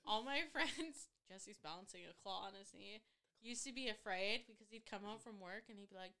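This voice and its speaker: A woman's voice: medium pitch, moderate pace, pushed and bright. A young woman hosting a podcast, chatting casually and swearing freely, with lots of "like.". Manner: chatty and profane, full of "like". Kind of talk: casual chat.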